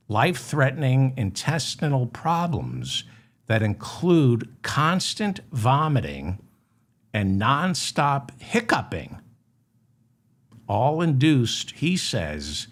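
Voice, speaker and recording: A man hosting a satirical news monologue, deadpan and mock-serious, breaking into indignant outbursts. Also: on the low side. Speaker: comedy news host.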